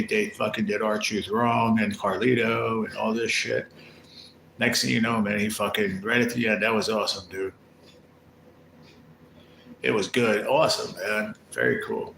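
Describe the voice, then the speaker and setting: A man's voice: lowish voice, vocal fry. A man hosting a casual livestream, rambling and swearing a lot as he talks with viewers. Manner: profane, rambling and aggrieved. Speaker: livestream host. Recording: echoey room with background noise.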